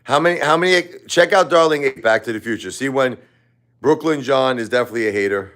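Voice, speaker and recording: A man's voice: medium pitch, fast talker, fairly bright tone. A grieving man hosting a livestream, rambling and repeating himself with emotion. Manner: repetitive, emotional, repeats phrases, chuckles between lines. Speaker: livestream host.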